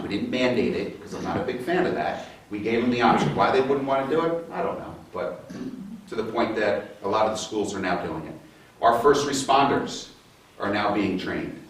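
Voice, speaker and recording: A man, a state senator giving a guest speech at a breakfast event, telling stories in a conversational way with many restarts. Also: fairly low pitch. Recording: echoey hall, mic from far off.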